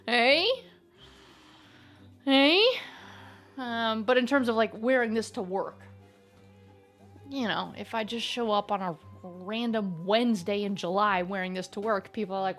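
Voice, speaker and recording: A woman's voice: fairly high pitch, unhurried, a bit bright, soft background music. A woman hosting a casual live stream, playful and giggly, greeting her chat by name.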